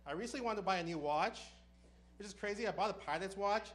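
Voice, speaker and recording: Fast-talking high-voiced male comedian. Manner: deadpan punchlines, brisk storytelling. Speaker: stand-up comedian. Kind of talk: stand-up comedy set.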